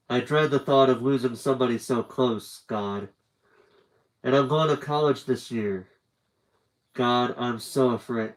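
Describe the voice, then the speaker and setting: A man's voice: mid-range voice, natural voice, rough recording. A man reading as a scared teenage boy. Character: frightened teenage boy writing a farewell letter.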